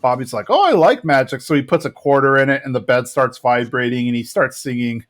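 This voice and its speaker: A man co-hosting a podcast, casually retelling a cartoon episode in a chatty, rambling way, with fillers and quick quoted lines. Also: medium pitch, flat delivery, fairly bright tone. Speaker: podcast co-host.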